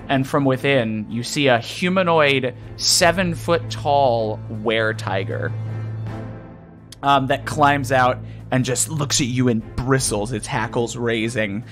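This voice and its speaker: A man's voice: medium pitch, slow pace, a bit bright. A man narrating a tabletop game as dungeon master, chatty and loose, with plenty of fillers. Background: faint music.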